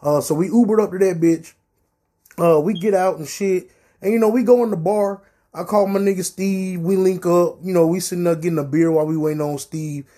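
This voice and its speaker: A young man telling a profane, animated story on his podcast. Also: high-pitched, brisk. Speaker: podcast host. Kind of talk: casual storytelling.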